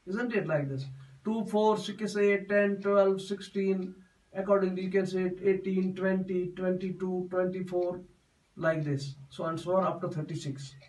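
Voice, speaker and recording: A man's voice: high voice, steady tone, moderate pace, a little mellow, far from the mic, poor audio. A man giving a classroom poetry lesson, explaining step by step and repeating himself often. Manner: repetitive, explains step by step with many restarts. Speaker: teacher.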